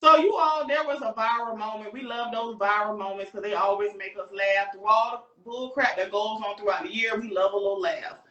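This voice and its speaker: A woman, hosting a casual panel chat, animated and slangy, laughing often. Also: medium pitch, fairly quick, hardly any pauses, dull audio. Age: 30s. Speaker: host. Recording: echoey room with crowd noise.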